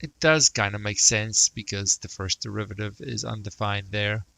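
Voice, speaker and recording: Gravelly, bright-voiced man teaching math. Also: on the low side, fairly even intonation, moderate pace, dry recording, low-quality recording. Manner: self-talk, mutters, jokes about praising himself. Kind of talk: thinking aloud while sketching a graph.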